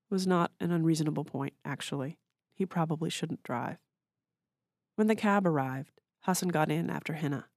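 A woman author reading her own short story aloud in a measured, literary way. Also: sits low, a little mellow, no echo, studio quality.

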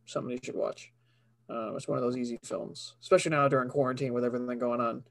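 A man's voice: medium pitch, fairly even intonation, fast talker, vocal fry, a bit bright. A man who works as a voice actor, talking casually as a podcast guest in a rambling, filler-heavy way.

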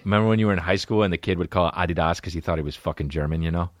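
A man's voice: low-pitched, very fast, no room sound, studio quality. A man hosting a solo comedy podcast, ranting and riffing with profane, exaggerated stories. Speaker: podcast host.

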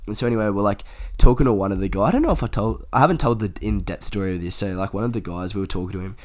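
A young man telling casual stories in a podcast chat, animated and swearing freely, acting out the lines of people he quotes. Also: lowish voice, racing.

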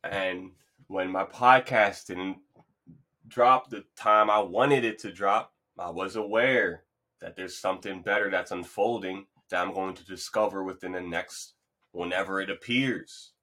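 A man's voice: low voice, steady tone, a little slow, pushed and bright. A man hosting his own podcast, talking in a loose, rambling, motivational way. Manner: playful, hypes up an imagined crowd. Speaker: podcast host. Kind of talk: casual solo monologue.

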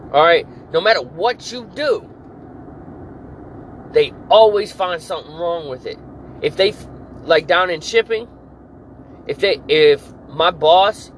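Angry man, high-pitched, profane venting monologue, faint street noise underneath. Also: fairly bright tone, low-quality recording. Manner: profane, furious ranting. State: irritated. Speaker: podcast host. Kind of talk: angry work rant monologue.

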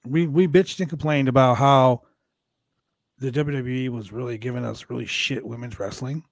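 A man's voice: mid-range voice, steady tone, moderate pace, vocal fry, dry recording, clean studio sound. A man hosting a casual podcast chat, blunt and profane, who often breaks into laughter. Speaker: podcast host.

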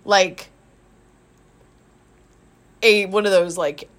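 A woman's voice: mid-range voice, extremely slow. A woman co-hosting a podcast as a gym coach, telling stories in a casual, laughing way from a small office. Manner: laughing, animated storytelling. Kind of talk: casual chat.

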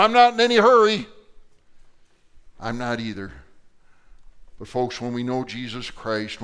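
A middle-aged male pastor preaching a sermon, moving from quiet storytelling to loud, emphatic passages. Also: mid-range voice, clear, resonant tone.

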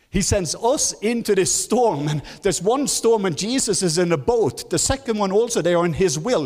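A male guest preacher with a fairly high voice delivers a sermon in a large church hall. His words ring with a long reverb. He calls for responses from the congregation and climbs to high, emphatic lines, and his English has non-native phrasing. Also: darkish tone.

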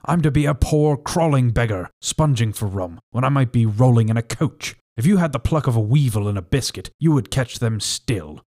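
A shrill, raging blind old pirate beggar barks orders at his crew, put on by a man reading a storybook. The voice climbs high and loud and spits with eagerness and rage. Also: animated, normal speed, few pauses. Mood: bitter ranting.

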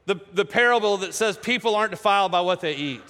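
A man's voice: high-pitched, animated, fast, bright, forceful tone. A man doing stammering disciple Peter. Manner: hesitant, stammering. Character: Peter as a fumbling, eager male disciple. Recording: echoey hall.

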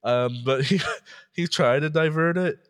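A man's voice: a little high, a little slow, clear, resonant tone. A man co-hosting a podcast, casually recounting odd news stories, laughing often and slipping into mock voices. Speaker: podcast co-host.

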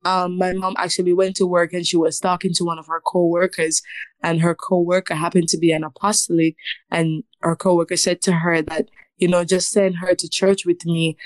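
A woman in her twenties tells her story as an interview guest, earnest and emotional. Her voice sits fairly low. The sound is dry and close, with no room around it. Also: flat delivery, normal speed, no echo. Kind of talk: personal testimony in an interview.

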